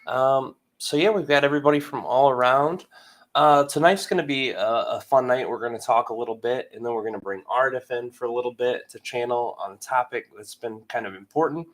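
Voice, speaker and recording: A man's voice: mid-range voice, brisk. Upbeat man hosting a live stream. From Michigan, US. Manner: upbeat, chatty, reads out viewer names. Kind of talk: casual live stream greeting viewers.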